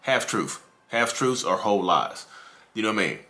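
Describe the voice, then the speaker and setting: Lively low-voiced man chatting to camera. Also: normal speed. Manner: repetitive, addresses viewers as "y'all". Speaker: YouTube host talking about narcissism. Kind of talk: casual to-camera talk.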